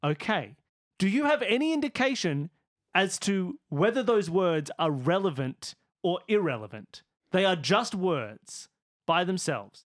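A man at a tabletop game calls out guesses for charades clues in a sing-song, unhurried voice. His pitch rises and falls sharply as he shifts from muttering to loud, exasperated orders.

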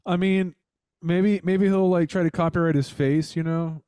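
Man, podcast host, casual rambling, mocking, mellow tone, slightly high pitch. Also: fairly even intonation, normal speed, smooth, no room sound, studio quality.

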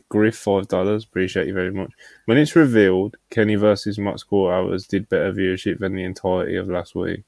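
Laid-back low-voiced male podcast host. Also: vocal fry, darkish tone, dry recording. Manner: laid-back, laughs often, swears casually. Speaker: podcast host reading out donations. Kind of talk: casual chat.

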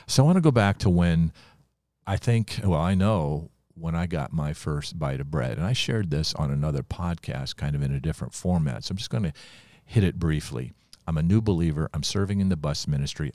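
A man from Ohio telling a personal testimony on a podcast, in an animated storytelling manner and chuckling often. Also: rumbling low, dry recording, clean studio sound. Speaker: preacher sharing his testimony.

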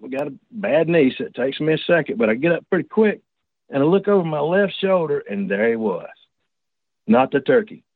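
A man with a drawl spins a folksy, rambling first-person yarn, often backing up and restarting his sentences. His voice sits a touch high for a man. It comes through a thin, dry phone line with no room sound. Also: dry recording. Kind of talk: casual first-person storytelling.

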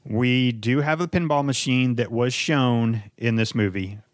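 A man co-hosting a casual movie review chat, with a middle-pitched voice. He talks in a chatty, playful way, dropping swear words freely. The sound is dry and close, with no room echo. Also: measured pace. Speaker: podcast co-host presenting the movie.

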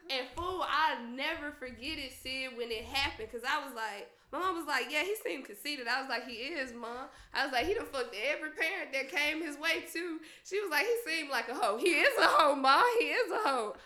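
A woman's voice: sits high, moderate pace, few pauses, sharp tone, roomy sound. A young woman telling a profane personal story in a casual, laughing way, acting out the lines of the people in it.

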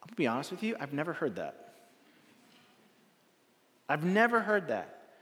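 Male pastor, bright high voice, storytelling sermon with big loud-to-quiet swings, long hall reverb. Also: wildly swooping pitch, normal speed. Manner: repetitive rhetorical phrasing.

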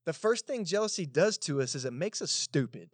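Texan male pastor, conversational sermon delivery, slightly high voice, dry close sound. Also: animated, a little fast, dry recording. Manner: casual conversational preaching with asides. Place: church service in a cinema auditorium.

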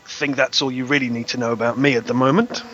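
A man's voice: medium pitch, fairly even intonation, quick pace, a bit bright, muffled recording, faint music behind, voice pushed down, close to an everyday voice. A man doing a cagey sly thief. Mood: evasive. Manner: cagey, drawling, evasive. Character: evasive sly male thief.

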